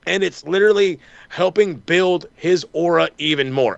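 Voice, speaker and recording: Swearing constantly and mimicking other people, a male podcast co-host rushes through an angry wrestling recap. His voice is a little high and creaky, and the lo-fi recording has no room sound.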